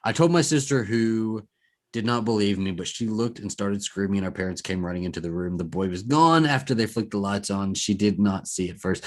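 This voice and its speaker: A man's voice: on the low side, brisk. A man hosting a podcast in casual chat, reading listener stories aloud and rambling with fillers and self-corrections. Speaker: podcast host.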